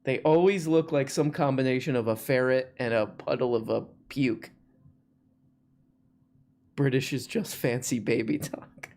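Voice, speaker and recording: Male streamer host, playful, jokey, mid-pitched casual delivery. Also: darkish tone. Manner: joking, playful, quick asides. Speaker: livestream host. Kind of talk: casual live stream chat.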